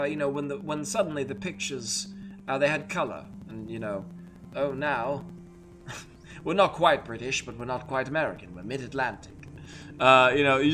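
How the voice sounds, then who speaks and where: A young adult man, a host and voice actor, chatting casually on a livestream in a rambling, animated way with many fillers. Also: fairly high pitch.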